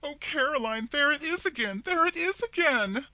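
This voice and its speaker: A man voicing a frightened, tearful woman who speaks in shrill, choked wails. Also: lively intonation, moderate pace, sharp tone, no echo, full character voice. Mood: wailing. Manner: shrill, wailing, choked with fear. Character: weepy frightened woman, Rebecca.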